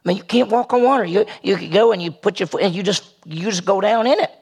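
Gravelly, husky male preacher. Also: high voice, fast talker, darkish tone. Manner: conversational preaching, rhetorical questions, emphatic rises. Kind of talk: sermon.

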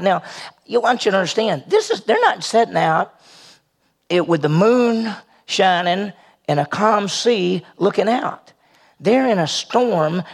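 A man's voice: high-pitched, gravelly, slightly rough. A man preaching a conversational sermon, posing rhetorical questions and rising in emphasis as he goes.

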